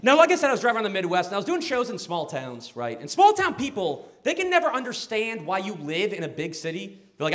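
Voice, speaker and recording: Brash high-voiced male stand-up comic. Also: huge pitch swings, fast, hardly any pauses, fairly bright tone. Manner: brash, crude, chuckles at own jokes. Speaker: stand-up comedian. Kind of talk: stand-up set. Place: comedy club stage. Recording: noisy live club recording.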